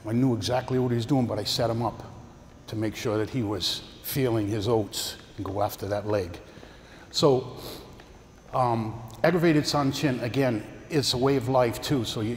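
In a roomy, reverberant hall with long reverb, faint ambience and a faint background hum, an older karate instructor leads a martial arts seminar. His medium-pitched voice coaches as he talks through demonstrations with partners.

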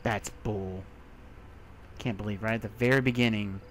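A young man giving let's play commentary, talking to himself and breaking into panicked shouts, over faint game music. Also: lowish voice, fairly even intonation, moderate pace, a little hiss or hum. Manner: jumpy, talks to himself, bursts into panicked shouts. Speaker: gaming video creator.

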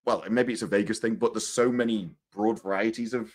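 A British man chatting casually as a guest on a live stream, his voice a little worn from shouting, talking playfully with quick restarts. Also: fairly low pitch, steady tone. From Britain. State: voice going hoarse from shouting. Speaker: guest co-host. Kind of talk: casual chat.

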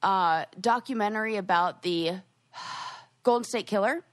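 Chatty woman podcast host, rambling. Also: unhurried. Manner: chatty, rambling with many fillers and restarts; lively, jumps up in pitch for quoted asides. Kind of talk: casual chat.

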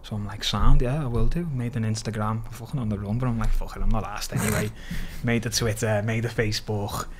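A man from Liverpool with a Scouse accent, a podcast guest lively retelling his story with quoted dialogue and plenty of swearing. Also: fairly low pitch, a little fast, hardly any pauses, background noise. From Liverpool, England. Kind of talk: casual storytelling interview.

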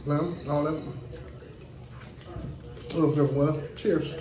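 A middle-aged man from Chicago, speaking with a Chicago accent, hosts a casual mukbang with his grandchild in a laid-back way, repeatedly saying "you know what I'm saying". His fairly high voice is flat and slow, and the recording sounds roomy with background noise.

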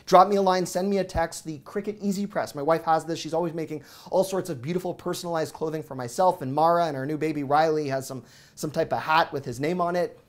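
A man in his thirties hosting a deals show, rattling off prices in an excited, auctioneer-like patter while he sweats. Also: fairly high pitch, quick pace. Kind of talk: fast product deal rundown.

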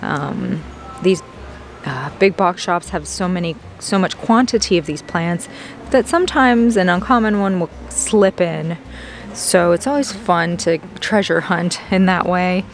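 A woman plant vlogger chatting casually as she browses a big box store garden center, easily excited. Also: fairly low pitch, a little slow, faint music behind. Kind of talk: casual walk-through narration.

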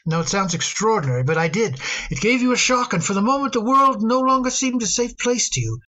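A woman voicing a gentle, fond middle-aged father in a radio drama, hesitant and given to repeating words. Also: on the high side, lively intonation, a little fast, rough recording. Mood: wistful.

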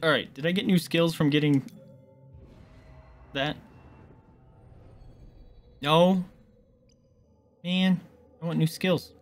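A man streaming a video game, chatting casually and joking at the screen, often swearing when he gets excited. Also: on the high side, slow, pauses often, faint music behind. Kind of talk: casual gameplay commentary.

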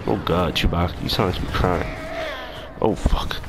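A young man giving casual, excitable gameplay commentary, yelping and cussing at the game. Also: deep voice, moderate pace, noisy background. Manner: excitable, yelps and cusses at the game. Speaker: gaming YouTuber.

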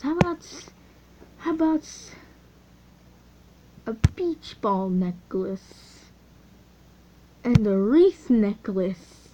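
Slow-talking teenage girl gamer. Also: medium pitch, background noise. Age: teens. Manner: chatty, easily excited, trailing off mid-sentence. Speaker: gaming channel host. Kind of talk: casual gameplay commentary. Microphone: phone mic. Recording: dull lo-fi phone audio.

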